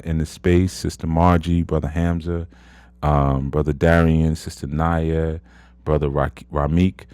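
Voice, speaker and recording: A man's voice: a bass voice, mellow, dry recording. A man in his thirties hosting an audio chat room, giving a casual motivational talk, emphatic and repetitive with lots of "you know". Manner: emphatic, repeats words, frequent "you know".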